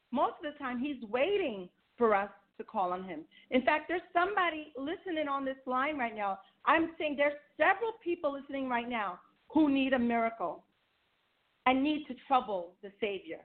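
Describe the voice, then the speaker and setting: A woman giving a sermon, reading scripture aloud and asking her listeners rhetorical questions. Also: sits high. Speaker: women's ministry speaker. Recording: tinny phone line.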